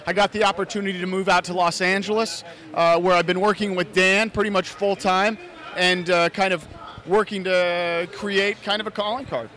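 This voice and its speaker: A man's voice: sits high, fairly even intonation, normal speed, pushed and bright. An American man, an actor and fan filmmaker, talking earnestly and at length in a casual interview, often restarting his phrases. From United States (Idaho).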